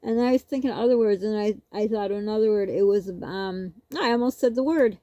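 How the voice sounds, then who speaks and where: A woman's voice: medium pitch, brisk, dark tone, no room sound. A woman vlogger telling a rambling, casual story, laughing often as she goes.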